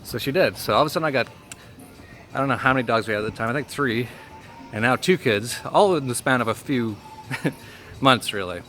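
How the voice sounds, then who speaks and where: A man casually telling a personal story, emotional and halting, often laughing softly and filling pauses with "like" and "uh.". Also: mid-range voice, lively intonation, faint music behind. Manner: emotional and halting, laughs softly between phrases, many fillers. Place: home in Mexico.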